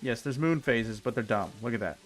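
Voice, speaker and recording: Casting note: young male streamer, fed-up rant, low voice, faint music underneath. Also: brisk. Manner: exasperated ranting, repeats himself. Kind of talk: casual game commentary.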